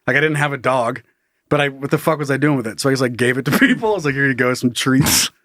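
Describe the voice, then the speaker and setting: A man's voice: mid-range voice, rapid-fire, fairly bright tone, dry recording, studio quality. A man co-hosting a comedy podcast, telling crude stories with lots of laughs and little acted-out voices. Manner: crude, giggly storyteller, acts out voices. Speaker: podcast co-host. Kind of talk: casual comedic chat.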